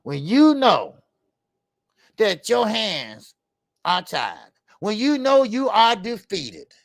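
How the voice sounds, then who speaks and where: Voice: mid-range voice, sing-song, slow, vocal fry, no echo. A boxing show host ranting in a heated talk-show style, fired up, repeating points and talking straight to viewers.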